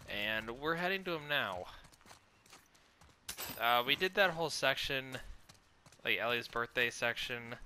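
A man's voice: medium pitch, lively intonation, measured pace, long pauses, sharp tone, a little hiss or hum. A congested man giving casual let's play commentary, chatting and thinking aloud while he plays. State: congested from allergies.

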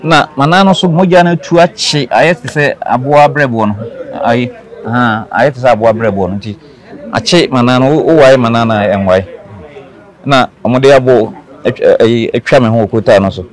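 A man from Ghana speaks as an interview guest, recounting what happened to him. He talks earnestly at a middle pitch, often repeating phrases to drive a point home. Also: brisk. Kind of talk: telling a personal story.

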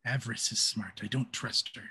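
Casting: raspy man, mid pitch, earnest player, soft music under. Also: steady tone, normal speed. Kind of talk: role-playing at a game table.

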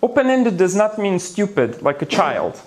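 A man's voice: sits high, big pitch swings, normal speed. A man giving a conference lecture on the brain, playful and theatrical, with gasps, asides and small jokes for the audience. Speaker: neuroscience lecturer. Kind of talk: conference talk. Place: conference hall before an audience.

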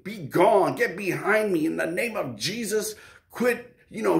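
A man's voice: on the high side, echoey room. A man preaching an informal sermon to prayer warriors, talking casually and emphatically and acting out quoted prayers.

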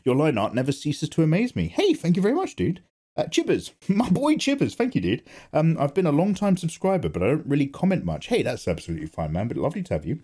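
A man's voice: a little high, wildly swooping pitch, fast, mellow, slightly rough. A man hosting his own art channel, reading viewer comments in casual chat while drawing, playful and self-mocking. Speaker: artist and channel host.

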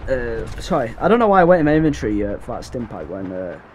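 A young man giving casual let's-play commentary, chatty and slangy with excitable bursts. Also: mid-range voice, quick pace, a little hiss or hum. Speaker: gameplay commentator.

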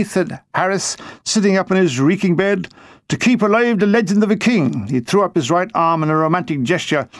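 A man's voice: high-pitched, no room sound. A man reading his own wartime memoir aloud, with a dry comic storytelling manner. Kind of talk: audiobook narration.

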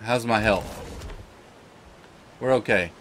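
Excitable man narrating his gameplay. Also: fairly low pitch, slow pace, noisy background. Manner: swings from shouting at pets to soft muttering. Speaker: gaming channel host. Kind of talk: let's play commentary.

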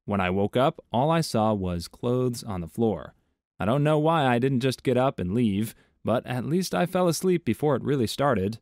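Guy reading online stories w/ his own comments, steady even delivery, dry sound. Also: medium pitch, normal speed, dry recording. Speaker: story narrator.

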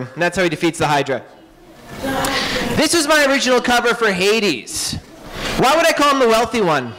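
A man, an author and illustrator, tells myths to children in an animated, joking way, full of quick asides. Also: sits high, big-room sound, rough recording. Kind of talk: lively storytelling talk to children. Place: public library event room.

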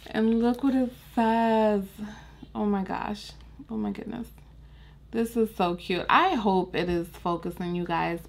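A young woman hosting a casual unboxing vlog, talking in a gushing, excitable way. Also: medium pitch, creaky. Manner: gushing, excitable, says "so cute" and "little" a lot. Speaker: vlogger.

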